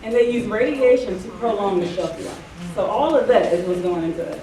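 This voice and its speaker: A woman's voice: medium pitch, brisk. A woman talking casually to an audience, chatty and full of fillers. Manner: chatty, many fillers like um and you know. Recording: echoey room from far off, crowd audible.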